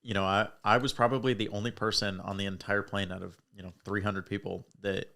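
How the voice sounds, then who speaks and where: A man's voice: on the low side, little pitch movement, fairly quick, gravelly, sharp tone. A young man who is a podcast guest, talking earnestly in casual chat and leaning on "like" as a filler.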